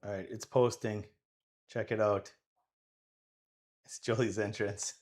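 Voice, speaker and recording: A man's voice: lowish voice, little pitch movement, takes it slowly, a little mellow. Rambling man calling a pool match. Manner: rambling and jokey, thinking aloud. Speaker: pool commentator. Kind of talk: casual live game commentary.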